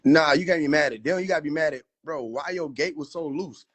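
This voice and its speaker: A man's voice: fairly high pitch, fast talker, fairly bright tone, breathy edge. A man riffing in a casual livestream, profane, slangy and laughing often. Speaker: livestream host.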